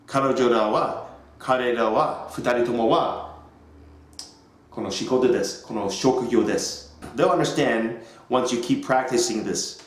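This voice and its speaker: A man demonstrating an English lesson, drilling words slowly and over-enunciating them as he would for his students. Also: medium pitch. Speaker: English teacher. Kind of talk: teaching demonstration. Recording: echoey room.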